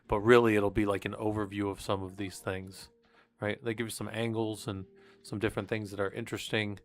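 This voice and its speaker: A man's voice: lowish voice, fairly bright tone. A man reading research papers aloud on a live stream and commenting casually between passages, with fillers and restarts. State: coughing, hiccups.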